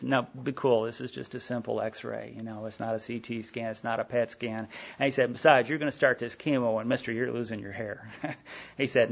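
A middle-aged man with a creaky, mid-range voice gives a rambling personal talk at a recovery meeting, captured in a dull lo-fi recording. His storytelling is packed with fillers, and he often quotes what others said.

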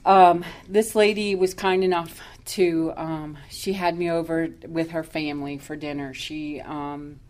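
A woman's voice: low voice, steady tone, a little slow, hardly any pauses, darkish tone. A woman telling her own recovery story at a meeting, candid and self-mocking, laughing often as she talks. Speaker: recovery speaker.

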